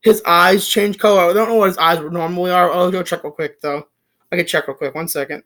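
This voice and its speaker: Young adult, casual movie recap, excited rambling delivery, frequent swearing, lots of filler words, mid-pitched voice. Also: fairly quick. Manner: rambling and excited, swears freely, many restarts and "like, legit" fillers. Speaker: movie reviewer.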